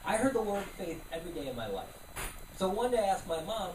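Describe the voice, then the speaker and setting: On a comedy club stage, a man with a high voice does a live stand-up set, bantering animatedly with the audience at a slightly fast clip. Background noise, a distant mic in a roomy venue, and a loud, laughing crowd fill the recording.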